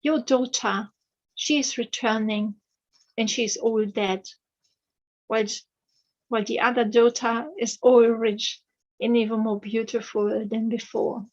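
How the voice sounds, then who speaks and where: A talking dog from a fairy tale delivers blunt warnings, repeating itself, voiced by a woman storyteller. Her slow pace and the somewhat dull recording carry through. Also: fairly high pitch, level tone.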